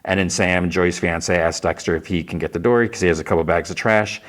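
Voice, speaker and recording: Deep-voiced man recapping an episode. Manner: retells scenes in quick quoted lines, filler-heavy. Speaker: podcast host recapping a TV episode. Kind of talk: casual recap.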